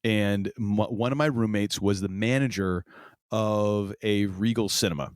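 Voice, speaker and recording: A man's voice: lowish voice, steady tone, a little slow, clear, resonant tone, dry recording. A man co-hosting a podcast in casual chat, rambling with many fillers and restarts. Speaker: podcast co-host.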